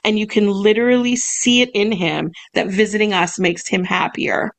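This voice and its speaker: A woman's voice: mid-range voice, normal speed. Young woman, podcast co-host, casual and giggly, gets choked up easily. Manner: bubbly, laughs often, gets choked up. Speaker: podcast co-host, massage business owner. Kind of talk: casual chat, reading emails aloud.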